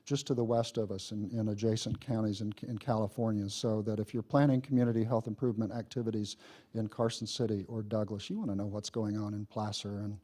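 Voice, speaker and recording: A man with a mellow, soft-edged voice leads a health board meeting and hands off to the next speaker. He hesitates often, with many uh and um sounds, in a meeting room. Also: fairly low pitch, flat delivery, brisk. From Nevada. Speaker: meeting moderator. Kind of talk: presenting and moderating at a board meeting.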